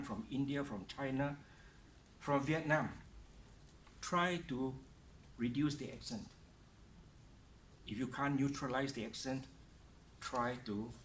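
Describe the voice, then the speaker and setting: A man giving a pronunciation lesson, slowly stressing each word and sound with care. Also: mid-range voice, a bit bright, reverberant. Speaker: speaking coach. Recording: distant mic with faint room noise.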